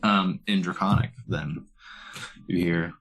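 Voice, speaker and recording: Deep-voiced man narrating as game master. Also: steady tone, creaky, a bit bright, faint music behind. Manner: descriptive, measured narration with frequent "uh"s.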